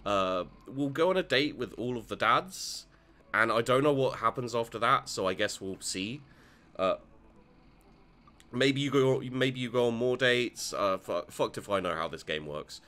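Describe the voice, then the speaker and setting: A man doing gameplay commentary, excitable and joking, with frequent stammered restarts and casual swearing. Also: medium pitch, unhurried. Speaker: let's play host. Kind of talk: gameplay commentary, reading dialogue aloud.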